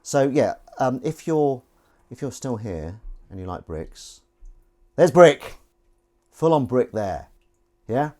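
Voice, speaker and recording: A man's voice: mid-range voice, very animated, takes it slowly, warm tone. A man with a Southern English accent hosting a casual livestream, rambling and joking while washing up and reading out chat messages. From England. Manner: rambling, jokey, reads chat aloud. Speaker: livestream host. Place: kitchen at a sink. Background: running water and clinking dishes.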